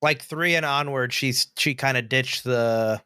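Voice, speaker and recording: A man's voice: mid-range voice, unhurried, pushed and bright, smooth, no echo. A man co-hosting a film podcast who answers briefly and drops dry, joking asides. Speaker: podcast co-host. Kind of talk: casual film discussion.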